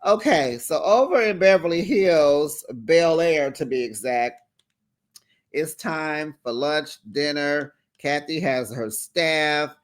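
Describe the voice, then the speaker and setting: A man hosting a casual recap of a reality show, sassy and animated, with lots of "honey" and "child". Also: on the high side, slow pace. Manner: acts out the quotes in put-on voices.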